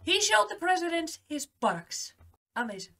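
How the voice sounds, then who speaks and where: A woman's voice: very high-pitched, sing-song, normal speed, vocal fry, over loud music. A young woman hosting a film reaction video, commenting emotionally and talking back to the screen.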